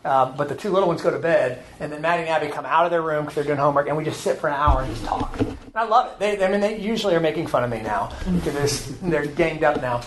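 A man's voice: fairly high pitch, fast talker. A man in his forties leading an informal church talk on raising daughters, earnest and self-deprecating. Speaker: church teacher leading a parenting discussion. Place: church meeting room. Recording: echoey room, faint background noise.

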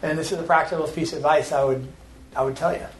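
Earnest dad leading a church class. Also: male voice, on the high side, steady tone, quick pace. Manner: earnest, self-deprecating, conversational. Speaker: church teacher leading a parenting discussion. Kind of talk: informal church talk with audience questions. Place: church meeting room. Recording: echoey room, faint background noise.

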